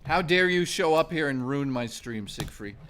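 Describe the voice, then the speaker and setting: A man's voice: fairly high pitch, lively intonation, normal speed, a bit bright, a little hiss or hum. A man live-streaming in casual chat, joking around and swearing freely.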